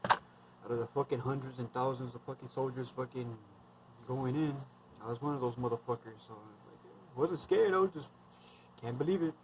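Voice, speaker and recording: A man's voice: medium pitch, normal speed, background noise. Blunt, foul-mouthed man in his thirties. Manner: heavily profane, rambling, blunt. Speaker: military veteran vlogger. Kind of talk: casual storytelling monologue.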